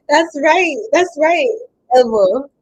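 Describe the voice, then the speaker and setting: A woman reading tarot cards on a casual livestream, chatting with viewers, laughing often and breaking into bits of song, with a voice strained from not warming up. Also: high-pitched, rough recording. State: voice a bit strained, not warmed up. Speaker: tarot reader.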